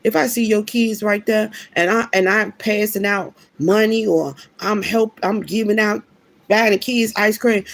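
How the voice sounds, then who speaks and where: A woman talks in a casual, sermon-like flow, emphatic and full of slang. She often stops and starts her sentences as she tells a personal story. Her voice carries a gravelly fry at mid pitch. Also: moderate pace, no echo. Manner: emphatic, preachy, slangy, with many restarts. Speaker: vlogger.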